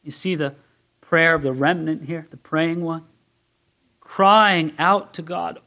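A man's voice: a little high, slow pace, pushed and bright. A man preaching expository Bible teaching, reading scripture aloud with rising intensity and asking listeners direct questions. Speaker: pastor.

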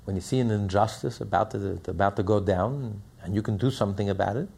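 A man's voice: fairly low pitch, quick pace, gravelly, darkish tone, slightly rough. A man teaching a Torah lecture as a rabbi, emphatic and repeating phrases as he builds each point.

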